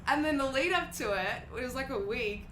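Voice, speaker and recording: A woman hosting a podcast, telling a story in an animated, casual way and swearing freely. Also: sits high, fairly quick, roomy sound, heavy background noise. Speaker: podcast host.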